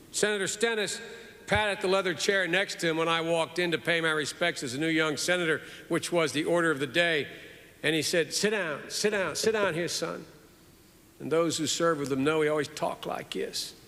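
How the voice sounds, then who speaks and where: A man in his sixties giving a formal eulogy in a measured, earnest way with repeated phrases, in a large hall at a funeral. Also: fairly high pitch, sharp tone. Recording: reverberant hall.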